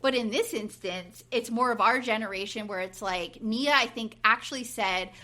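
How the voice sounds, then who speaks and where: A woman's voice: on the high side, moderate pace. A woman in her forties on a podcast, casually recapping a reality show and acting out what people said. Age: 40s. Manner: animated retelling, acting out quotes, frequent fillers. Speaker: podcast co-host.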